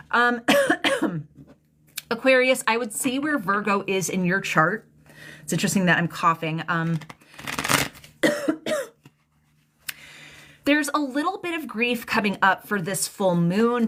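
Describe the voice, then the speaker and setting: A woman's voice: medium pitch, fairly bright tone. A young adult woman giving a live tarot reading, chatty and emotional, rambling with lots of fillers and restarts. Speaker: tarot reader.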